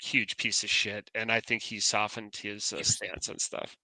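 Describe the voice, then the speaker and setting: A man's voice: fairly low pitch, flat delivery, a little slow, creaky, sharp tone, no room sound, rough recording. A man in a casual podcast chat, blunt and curious.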